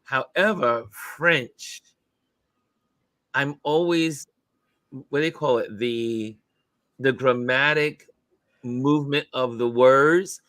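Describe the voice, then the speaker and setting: A man's voice: medium pitch, takes it slowly, long pauses, fairly bright tone, no room sound. A man hosting a casual live stream, upbeat and chatty, laughing often as he greets viewers over a video call setup. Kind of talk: casual chat.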